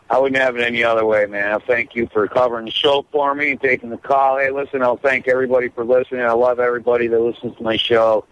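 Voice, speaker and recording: A man's voice: mid-range voice, flat delivery, quick pace, fairly bright tone, slight background noise. Self-mocking man on a phone line. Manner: self-deprecating, rambling. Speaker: regular host calling in from the protest. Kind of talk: casual radio chat by phone.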